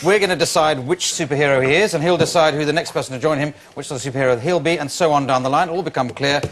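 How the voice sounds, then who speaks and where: A man's voice: a little high, racing. A man hosting an improv comedy show, introducing games with wry, dry asides. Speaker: game show host. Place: TV studio with live audience. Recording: loud studio audience behind.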